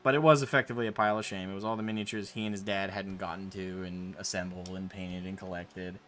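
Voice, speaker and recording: A man streaming while painting miniatures, telling a long casual story in a rambling, animated way with the odd swear word. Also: deep voice, fast talker. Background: faint Gregorian chant music.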